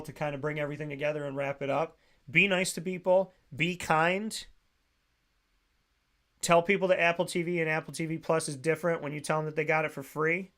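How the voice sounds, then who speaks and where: A man hosting a radio talk show, telling stories in a casual, animated way and mimicking other voices. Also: fairly high pitch. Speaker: radio host.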